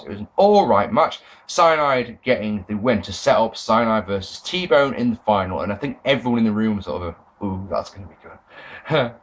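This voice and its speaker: Young English man, casual camera vlogger, excitable and rambling, foul-mouthed, pitch all over the place. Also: low-quality recording. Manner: animated, swears freely, rambling with restarts. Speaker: wrestling fan vlogger. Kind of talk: casual spoken review.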